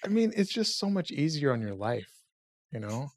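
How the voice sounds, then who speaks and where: A man's voice: fairly high pitch, sing-song, normal speed. A man co-hosting a podcast in casual chat, playful and jokey, rambling a little. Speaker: podcast co-host.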